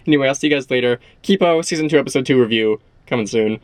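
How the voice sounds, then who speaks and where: A young man talking excitedly and rambling about a show he loves, repeating how good it is. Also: medium pitch, very fast, few pauses, no echo. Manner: gushing, rambling, repeats himself. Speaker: show reviewer. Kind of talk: excited casual episode discussion.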